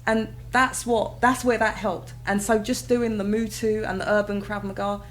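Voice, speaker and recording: A woman in her thirties, an interview guest telling her own story in a candid, conversational way, breaking into high excited exclamations as she recalls moments. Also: normal speed, a little hiss or hum, low-quality recording. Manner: animated, bursts into high excited exclamations and laughter when retelling moments.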